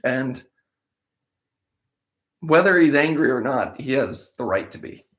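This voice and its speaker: A man's voice: mid-range voice, animated, takes it slowly, fairly bright tone. A man who hosts a daily Bible-reading show, reading verses aloud and then explaining them conversationally while he thinks aloud, with restarts along the way. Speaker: Bible-in-a-year podcast host. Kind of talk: reading scripture aloud, then casual commentary.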